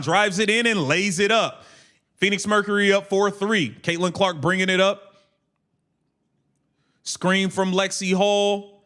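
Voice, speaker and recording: A man's voice: high voice, sharp tone. A man calling a game play by play on a livestream in clipped bursts, brashly mocking players and swearing. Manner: rapid clipped play calls. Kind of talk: casual play-by-play commentary.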